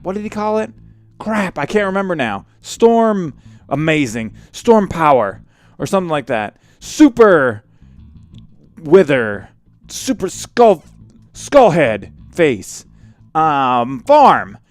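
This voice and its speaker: A man hosting a casual game commentary, chatty and excitable and quick to cry out in surprise. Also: high-pitched. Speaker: let's play host.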